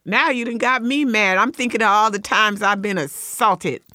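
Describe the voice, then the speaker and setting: A woman's voice: mid-range voice, moderate pace, no room sound, clean studio sound. A woman co-hosting a casual talk show, telling a story with dramatic flair. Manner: animated, dramatic storyteller with loud acted outbursts. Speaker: podcast co-host.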